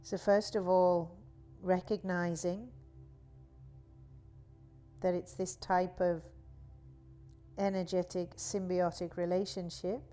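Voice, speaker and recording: A woman teaching a guided yoga class, talking in a slow, soothing, drawn-out way. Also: lowish voice, little pitch movement, dark tone, soft background music. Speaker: yoga instructor.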